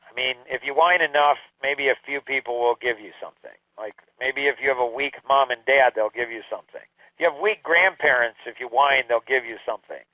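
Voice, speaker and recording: A man's voice: medium pitch, a little fast, bright, forceful tone, dry recording, rough recording. A middle-aged man telling parenting stories in a casual, conversational way, repeating phrases and acting out quotes. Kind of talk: casual storytelling talk.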